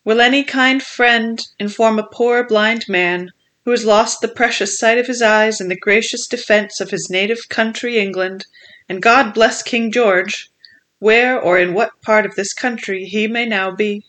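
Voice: mid-range voice, fairly even intonation, a little slow, fairly bright tone, pitched above the performer's own voice, lightly acted. A reader voicing a cruel, blind old beggar pirate who whines in a sing-song and then threatens coldly, in an audiobook. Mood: whining sing-song. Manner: whining sing-song turning cold and threatening. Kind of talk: audiobook character voice.

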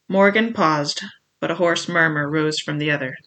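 A reader giving steady first-person audiobook narration of an adventure novel. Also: medium pitch, moderate pace.

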